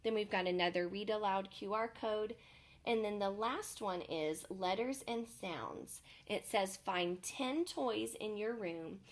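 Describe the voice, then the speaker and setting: A woman teaching preschool talks parents through a packet of home activities. Her voice sits at an ordinary middle pitch. She explains in a friendly, step-by-step way and often pauses on "um". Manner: friendly, explanatory, many "um" fillers. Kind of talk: video tutorial for parents.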